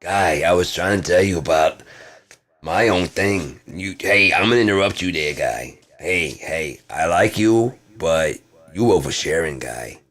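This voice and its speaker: Drawling in laid-back rocker slang, a man with a low, unhurried voice rambles through a comedic monologue. He swings between loud bursts and mumbles.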